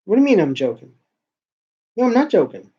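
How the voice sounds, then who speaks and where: On a dull lo-fi recording, a podcast host rants casually and rambles, swearing a lot. His voice is high, husky and dark in tone, very animated and slightly quick.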